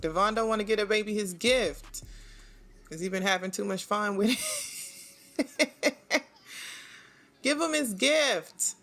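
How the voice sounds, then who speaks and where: A woman's voice: mid-range voice, a little slow, pauses often, a bit bright. A woman, chatting casually to viewers while playing a life-sim game, laughing often. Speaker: gaming channel host. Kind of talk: casual let's-play commentary.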